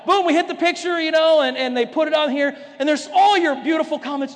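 A man's voice: very high-pitched, brisk, gravelly, hardly any pauses, raised voice, some chatter behind. A man preaching a sermon, telling stories and acting out the voices of the people in them. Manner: animated storyteller acting out voices. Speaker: pastor. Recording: long hall reverb.

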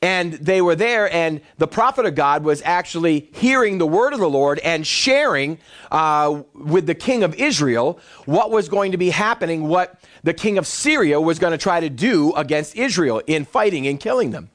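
A man's voice: on the high side, moderate pace. A male pastor preaching a sermon to his church congregation, acting out the voices of the people in his stories. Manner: animated storytelling preacher, acts out voices.

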